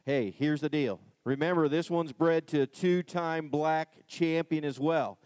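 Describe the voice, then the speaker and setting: Auction guy hyping up the lots, all fired up and folksy, kinda high smooth voice. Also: unhurried, a little mellow, dry recording. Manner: enthusiastic, folksy hype. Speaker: auction ring man and announcer. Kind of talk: sales pitch between bids. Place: livestock auction ring.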